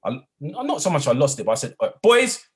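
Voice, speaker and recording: Husky man telling stories. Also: medium pitch, fast. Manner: reflective, builds to animated retelling. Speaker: guest, educator and former youth worker. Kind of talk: storytelling in a conversational interview.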